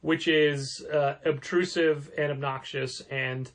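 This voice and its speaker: A man with a somewhat high voice co-hosting a relaxed podcast, speaking in a measured, deliberate way. He adds grumbling asides as he complains. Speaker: podcast co-host, comic shop co-owner. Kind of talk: casual podcast chat.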